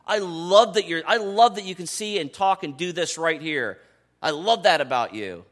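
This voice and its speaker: A man in his thirties preaching a sermon in a conversational, animated way, dropping to soft asides and rising to excited calls. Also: on the high side, normal speed. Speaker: pastor.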